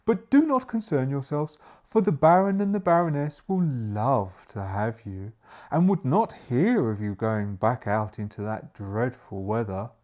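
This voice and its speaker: A man plays a hunchbacked butler in a horror tabletop game. The butler speaks in a formal, courteous way. His pitch moves a lot from line to line. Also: animated, measured pace, darkish tone, dull audio, natural voice. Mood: reassuring. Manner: formal, stately speech.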